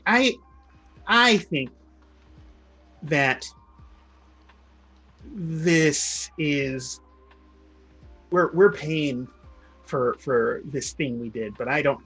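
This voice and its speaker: A man's voice: high voice, fairly bright tone, husky, pitched above the performer's own voice, exaggerated voice. Man putting on a wary woman blacksmith. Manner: hesitant, halting delivery. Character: wary, testy female blacksmith who holds a grudge.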